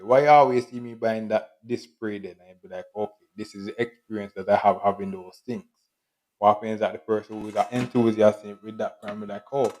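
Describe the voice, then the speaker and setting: A man talking in a casual solo monologue, rambling and repeating himself with quick laughs and acted-out quotes. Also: fairly low pitch, rough recording. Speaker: podcast host.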